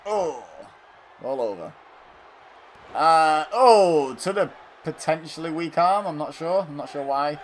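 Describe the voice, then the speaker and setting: A man giving casual play-by-play commentary over a wrestling video game, bursting into loud exclamations and then dropping into dry asides. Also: on the high side, animated, slow, long pauses, slight background noise.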